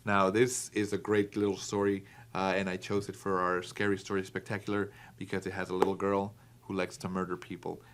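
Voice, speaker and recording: A man with a fairly low voice talks through a comic book page by page in a loose, chatty way. He leans on "uh" and "you know" a lot and often restarts his sentences. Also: completely flat delivery, a little fast, a little hiss or hum. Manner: chatty, filler-heavy, restarts. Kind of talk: casual comic review.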